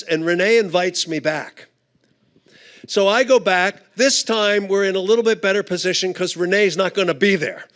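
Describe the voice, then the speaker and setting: A man with a fairly high, smooth and resonant voice tells a funny story slowly, taking his time between phrases. As a guest speaker on a church conference stage, he leans on relaxed "uh" fillers while he builds up the anecdote. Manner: unhurried anecdotal delivery with frequent "uh" fillers. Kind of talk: humorous storytelling talk.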